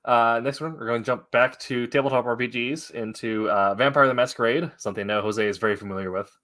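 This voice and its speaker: A man hosting a casual online trivia game, relaxed and laughing often, with many fillers. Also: mid-range voice, fast. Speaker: trivia host.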